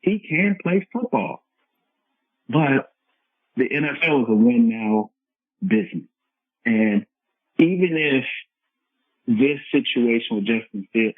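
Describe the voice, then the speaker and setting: A man speaking as a coach on a podcast, explaining his points earnestly and circling back to repeat them. His voice is husky and dry. It comes through a narrow, tinny phone-like line. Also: medium pitch, no room sound. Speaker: football coach, guest. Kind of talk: conversational podcast interview.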